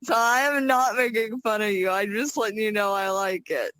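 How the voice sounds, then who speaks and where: A woman's voice: mid-range voice, moderate pace, a bit bright, dry recording. A woman from the South with a Southern American accent, co-hosting a podcast in easygoing, laughing banter. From Southern United States. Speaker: podcast co-host. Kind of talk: casual chat.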